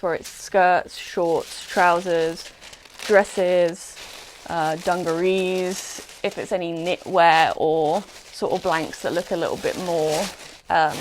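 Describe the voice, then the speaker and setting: A young woman with an English accent talks casually into a new desk mic at home. She rambles, pokes fun at herself and fills her pauses with ums and likes, like someone chatting while her hands are busy. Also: fairly low pitch, a little hiss or hum, poor audio. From England. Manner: chatty and rambling, self-deprecating, frequent fillers. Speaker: small clothing business owner. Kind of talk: casual chat while packing orders. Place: at home, sitting on a squeaky chair.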